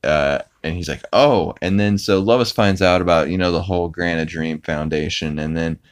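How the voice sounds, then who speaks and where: A man's voice: low voice, fairly even intonation, moderate pace, clear, resonant tone. A man hosting a podcast, casually recapping a cartoon episode with lots of fillers. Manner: rambling, with many fillers and put-on character quotes. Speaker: podcast host.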